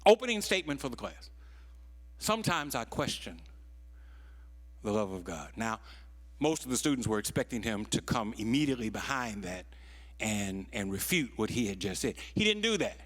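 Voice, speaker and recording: Preacher in his sixties, wide-ranging voice. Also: big pitch swings. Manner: swings from low, hushed telling to loud, rising preaching; stretches key phrases slowly for emphasis. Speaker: pastor. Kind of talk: storytelling sermon.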